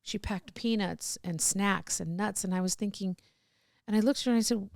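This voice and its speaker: A woman's voice: mid-range voice, normal speed, gravelly, a little mellow, dry recording, studio quality. A middle-aged woman telling candid personal stories as a podcast guest, rambling with restarts and laughs.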